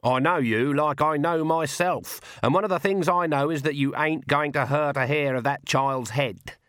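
A man's voice: fairly high pitch, normal speed, no echo, clean studio sound, pitched above the performer's own voice, lightly acted. A man doing a shrewd old witch woman. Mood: knowing. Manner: plain-spoken rural speech, calm and cutting.

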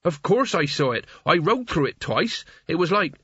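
Brief: man playing a blunt, urgent young apprentice, bright and husky, dull dry lo-fi recording. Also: on the high side, very animated, normal speed, no room sound, voice pushed up, exaggerated voice.

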